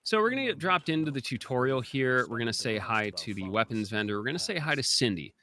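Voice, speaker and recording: A man's voice: medium pitch, expressive, fast, sharp tone. A young man giving chatty, explanatory live commentary during a speedrun, with many filler ums.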